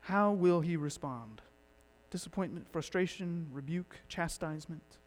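A man preaching a sermon as pastor, swinging between loud emphatic lines and hushed ones. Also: fairly high pitch, expressive, measured pace. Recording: long hall reverb.

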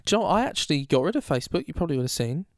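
A man co-hosting a podcast and chatting remotely, joking and teasing in a deadpan way. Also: a little high, racing, dry recording, studio quality. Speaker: podcast co-host, musician. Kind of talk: casual podcast chat. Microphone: remote recording, close mic.

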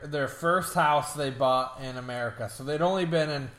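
A man's voice: a little high, normal speed, a bit bright, roomy sound. A man in casual chat, laughing often and telling a rambling story while watching a film. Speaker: co-host.

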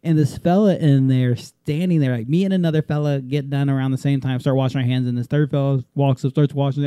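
A man's voice: mid-range voice, fairly quick, hardly any pauses, clean tone, no echo, clean studio sound. A man in casual podcast chat, telling stories with lots of laughter and acted-out voices. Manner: animated, laughs often, acts out voices in stories. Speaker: podcast co-host.

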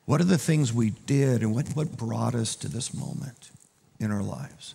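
A man preaching a conversational sermon as a pastor, dropping to a hushed, gentle tone and then rising into loud, urgent appeals. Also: mid-range voice, a little slow, creaky, big-room sound, a little hiss or hum. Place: church auditorium.

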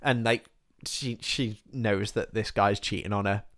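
A man's voice: fairly low pitch, fairly even intonation, unhurried, a bit bright. Rambling, sweary man retelling a film. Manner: rambling, sweary, quotes characters in passing. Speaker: podcast co-host. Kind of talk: casual chat retelling a film.

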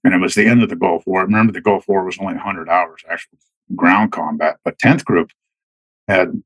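Husky, halting middle-aged man. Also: low-pitched, fairly even intonation, no room sound, poor audio. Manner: halting, many restarts and repeated words. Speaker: guest, retired Army Green Beret. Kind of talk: casual storytelling.

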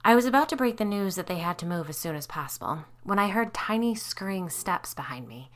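A woman narrating a spooky story in an even, suspenseful way. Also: medium pitch, fairly quick.

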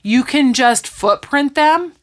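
A woman's voice: sits high, slow pace. Chatty woman in her forties. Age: 40s. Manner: animated storytelling, acts out quotes. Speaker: podcast co-host. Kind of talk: casual chat recapping episodes.

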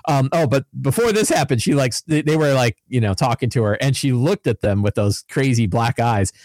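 A man, a podcast co-host and game master, recounting his tabletop session in animated, casual storytelling. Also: mid-range voice, a little fast, no room sound. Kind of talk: casual chat.

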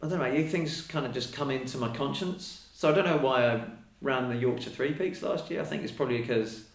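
A man's voice: medium pitch, fairly quick. A man talking casually as a podcast guest, chatty and fond of acting out little quoted exchanges. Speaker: podcast guest, elite mountain runner. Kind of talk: casual conversation. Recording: roomy echo.

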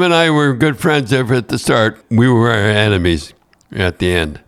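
A man's voice: mid-range voice, moderate pace. An older man with a Canadian accent, telling rambling hockey stories in casual chat, with restarts and chuckles. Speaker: podcast host and former hockey coach.

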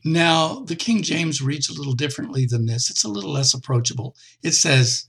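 A middle-aged man preaching a conversational sermon, with expressive jumps in pitch. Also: brisk, gravelly, husky.

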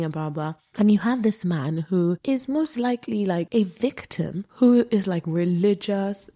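A woman host retelling a true-crime story in casual chat, animated, with asides. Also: lowish voice. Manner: animated, with quoted voices and asides. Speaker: podcast host.

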